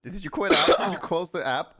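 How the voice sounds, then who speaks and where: A man's voice: high voice, a little fast, crowd noise. A man chatting and teasing his friends playfully while they play a game together, often stumbling over his words. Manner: teasing, playful, stammering restarts. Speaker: streamer playing a game with friends. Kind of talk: casual gaming banter.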